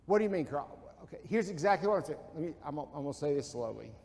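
A man's voice: a little high, animated, quick pace, darkish tone, long reverb tail. A man preaching a folksy sermon in a church, asking his listeners questions and answering them himself. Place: church sanctuary.

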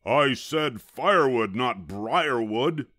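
A man's voice: low voice, expressive, slow, a bit bright, no room sound, exaggerated voice. A man voicing a grumpy, bossy male varmint who snarls and growls his orders, in a storybook reading. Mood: gruff.

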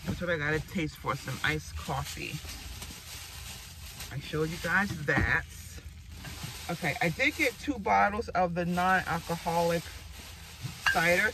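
A woman's voice: low-pitched, background noise. A woman in her forties vlogging in a casual, rambling way and laughing often. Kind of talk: casual chat.

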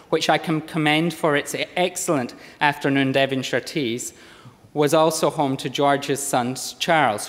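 A man in his thirties with a lowland Scottish accent softened by years in Australia, delivering a measured, formal speech in parliament. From Scotland. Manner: measured, read-out oratory with occasional slips. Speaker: member of parliament. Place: parliament chamber. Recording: long reverb of a large chamber.

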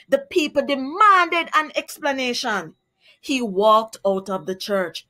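A woman teacher with a Jamaican accent who reads a children's story aloud and then explains words clearly and carefully. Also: high-pitched, takes it slowly, bright, forceful tone. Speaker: primary school teacher. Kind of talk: children's read-aloud and vocabulary lesson.

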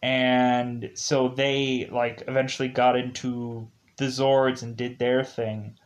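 A man's voice: medium pitch, flat delivery, slow. A man giving a casual, rambling review of a show's episodes, full of fillers and restarts. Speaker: show reviewer.

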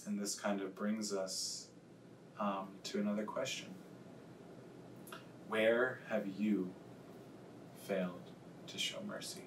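Man, pastor, sermon, earnest and confessional, slows to stress words, echoey room, faint rumble. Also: steady tone, far from the mic.

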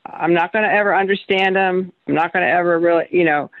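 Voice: medium pitch, steady tone, fast talker, phone-quality sound. A participant in a recovery workshop who shares personal experience earnestly, with the voice swinging up and down for emphasis. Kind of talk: personal sharing in a group workshop.

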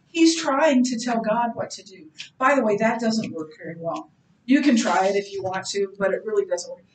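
A woman's voice: on the high side, moderate pace. Earnest woman teaching a church class. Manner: earnest and conversational, thinking aloud with restarts. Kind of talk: church class lecture, reading scripture aloud. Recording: roomy sound from far off.

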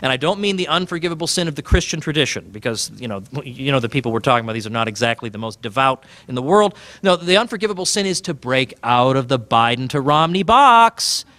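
A man giving a public talk about his book, animated and sardonic, pressing his points with emphasis. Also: mid-range voice, fast talker, hardly any pauses, no echo. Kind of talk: public speech.

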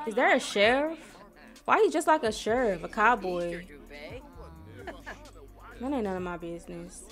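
A young woman from Missouri, chatting casually to viewers while she plays a life-sim game, squealing when something excites her. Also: fairly high pitch, normal speed, long pauses. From Missouri, USA. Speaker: gaming streamer. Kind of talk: casual gameplay commentary. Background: soft R&B background music.

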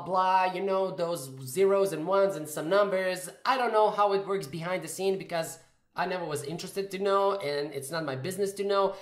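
A man giving a casual coding tutorial, thinking aloud and correcting himself as he types. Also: high-pitched. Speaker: programming tutor. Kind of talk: screen-recorded coding tutorial. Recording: roomy echoey room.

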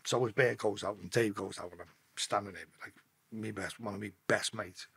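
A man's voice: fairly low pitch, fairly even intonation, a little fast, creaky, a bit bright, slightly rough. A man telling an emotional story on a podcast, speaking bluntly and swearing freely. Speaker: podcast guest. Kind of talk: emotional storytelling in casual chat.

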